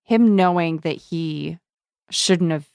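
A woman co-hosting a casual book discussion, animated and laughing often as she retells scenes. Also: on the low side, takes it slowly, vocal fry, clean tone, no room sound, clean studio sound. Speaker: book podcast co-host. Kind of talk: casual chat.

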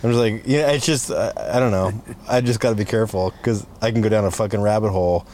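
A man's voice: lowish voice, fast, darkish tone, slight background noise. Profane, laughing podcast host man. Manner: loose and profane, laughs often. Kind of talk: casual chat.

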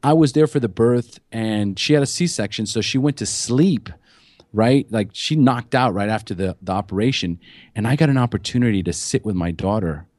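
A man with a fairly low voice tells his recovery story as a podcast guest, earnest and emotional, swearing freely. The sound is dry and close, with no room around him. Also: animated, normal speed, darkish tone, no room sound.

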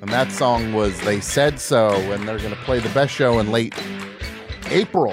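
A man's voice: medium pitch, a little slow, over music. A man hosting a live radio show from a studio, joking and sarcastic, with rambling asides. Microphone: studio mic, on camera.

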